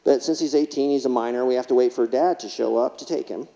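A man's voice: medium pitch, quick pace, vocal fry, mellow. A man giving a humorous conference keynote, telling stories and acting out what others said. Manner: humorous, acts out quotes from patients. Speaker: keynote speaker. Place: conference hall. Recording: lo-fi recording, long hall reverb.

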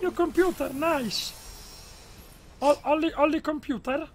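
An Italian man putting on a strange high voice in game chat, speaking slow, broken English and repeating his words. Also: a little hiss or hum. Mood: pleading. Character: man with strange squeaky high voice, pleading and earnest. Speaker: gaming YouTuber. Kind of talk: prank voice in online game chat.

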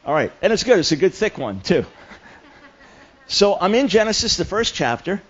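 A man's voice: high voice, sing-song, moderate pace, fairly bright tone, lo-fi sound. A man preaching a sermon, telling a story with humor and frequent restarts. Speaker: guest preacher. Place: church camp meeting hall.

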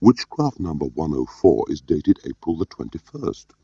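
A man's voice: rumbling low, sing-song, normal speed, creaky, dark tone, husky, dry recording, full character voice. A man voicing a fussy male government researcher who writes in a formal, respectfully pedantic way. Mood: punctilious. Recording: dull lo-fi audio.

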